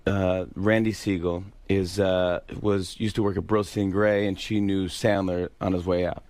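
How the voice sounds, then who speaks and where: A young man on a radio show as a comedian guest, modest and easygoing, quick to laugh. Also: low-pitched, little pitch movement, a little mellow. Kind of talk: casual interview. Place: radio studio.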